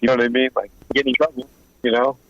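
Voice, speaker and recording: A man in his fifties spins blunt, streetwise stories in a relaxed interview, slipping into the voices of the people he quotes. His voice sits at an ordinary pitch, and the sound is dull and lo-fi with a dry, close feel. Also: fast, dry recording. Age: 50s. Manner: streetwise, blunt, acts out both sides of quoted talk. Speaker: guest, former mobster turned informant and author. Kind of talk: casual interview storytelling.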